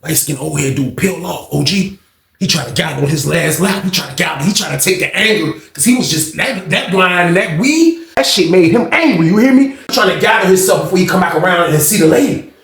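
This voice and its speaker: A man's voice: high voice, expressive, brisk, creaky, a bit bright, roomy sound. A man casually telling a story in a loose, rambling way full of slang.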